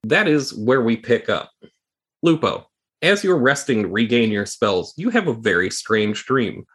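Male game master narrating, calm and descriptive, mid-range voice. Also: mid-range voice, unhurried, breathy edge.

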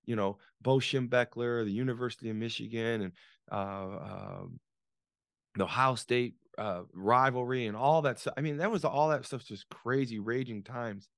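A man's voice: mid-range voice, moderate pace, no echo, clean studio sound. A man in his sixties, a podcast guest, telling a story dramatically with many restarts and repeated words. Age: 60s. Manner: dramatic, repetitive, frequent restarts. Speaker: podcast guest, author and business coach. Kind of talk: conversational storytelling.

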